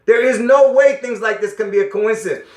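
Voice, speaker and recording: A man's voice: sits high, fairly quick, a little mellow. A man talking casually to his viewers in an insistent way, often asking if they understand, with a strained, coughing voice. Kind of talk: casual monologue addressing viewers. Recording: echoey room.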